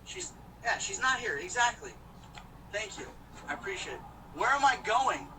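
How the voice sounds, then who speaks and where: A man's voice: very high voice, big pitch swings, moderate pace, sharp tone, far from the mic, a little hiss or hum, rough recording. A man chatting casually on a live stream while he drives, joking and rambling to his viewers. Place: in a car. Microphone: phone.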